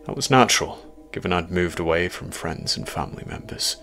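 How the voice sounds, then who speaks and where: A man narrating a first-person horror story in a measured, quietly ominous way. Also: sits low, lively intonation, soft background music.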